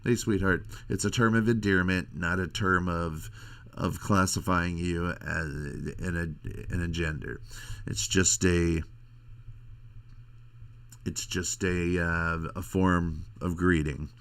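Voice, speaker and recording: A middle-aged man hosting a podcast, rambling in a crude, halting casual monologue. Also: deep voice, steady tone, fairly bright tone. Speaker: podcast host.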